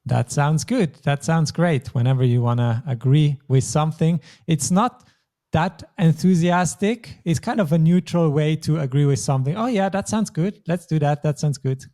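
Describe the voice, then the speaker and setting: A man's voice: on the high side, dark tone. A man teaching a language lesson, explaining patiently step by step. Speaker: German teacher.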